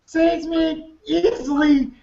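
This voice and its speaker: A man co-hosting a podcast in casual chat, blunt and animated, swearing and acting out quotes. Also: very high-pitched, slow pace, creaky. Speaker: podcast co-host. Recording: echoey lo-fi room, background noise.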